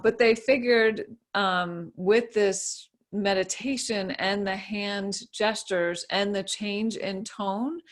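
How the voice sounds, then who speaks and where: A woman giving a casual, easygoing explanation as a guest speaker, with many fillers and restarts. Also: medium pitch.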